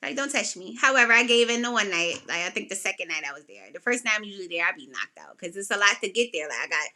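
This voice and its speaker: A podcast host with a medium-pitched voice races through a personal story in casual conversation. She's animated and emotional, and her voice rises when she quotes others.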